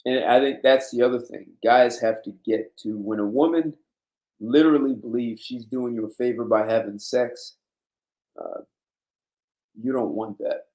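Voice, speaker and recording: A man's voice: lowish voice, warm tone. A man hosting a blunt, emphatic monologue in a casual, lecturing way. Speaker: host. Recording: roomy echo.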